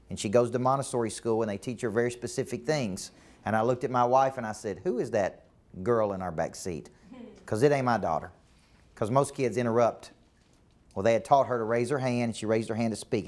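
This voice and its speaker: A middle-aged man gives a live motivational talk to a business team, often asking the room questions and repeating points for emphasis. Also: medium pitch. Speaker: business coach. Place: meeting room with a live audience.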